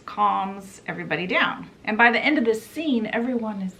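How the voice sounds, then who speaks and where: A woman hosting a book channel, retelling a novel's plot in a chatty, relaxed way. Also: medium pitch, normal speed, vocal fry, few pauses, slight background noise. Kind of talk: casual book summary.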